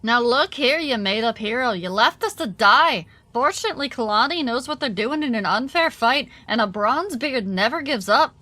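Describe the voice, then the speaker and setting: A woman's voice: fairly high pitch, expressive, normal speed, hardly any pauses, bright, forceful tone, no echo. A woman voicing a stern, proud dwarf queen with a light put-on Irish accent, reading quest dialogue aloud in character. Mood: defiant.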